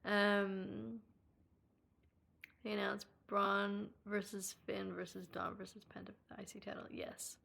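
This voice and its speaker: A young Irish woman talks casually to her live-stream audience in a bright, forward voice. She giggles often and swears freely. When something delights her, she breaks into excited squeals. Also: mid-range voice, a little slow, gravelly. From Ireland. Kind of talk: casual chat, reading live chat.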